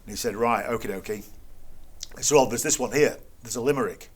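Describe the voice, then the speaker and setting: A man's voice: medium pitch, animated, quick pace, a bit bright. Wry man retelling a run-in. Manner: acts out quoted exchanges in an incredulous, wry tone. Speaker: guest. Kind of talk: anecdotal storytelling in conversation.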